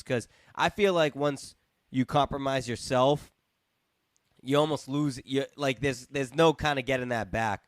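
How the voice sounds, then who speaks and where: A man's voice: mid-range voice, unhurried, no room sound. A man hosts a casual podcast chat in a mid-range voice. He rambles and repeats words, and his voice sounds dry and close. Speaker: podcast host.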